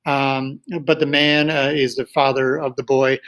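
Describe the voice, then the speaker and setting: A man's voice: mid-range voice, little pitch movement, unhurried, fairly bright tone, low-quality recording. A male teacher casually recommending books to his students, rambling loosely with many fillers and restarts.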